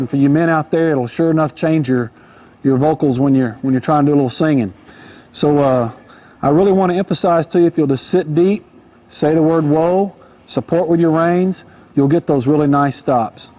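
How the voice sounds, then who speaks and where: A man's voice: fairly high pitch, a little fast, dark tone. A man, a horse trainer, giving an easygoing, folksy riding lesson from horseback in an arena, repeating his key points. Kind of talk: instructional riding demonstration. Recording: music playing behind.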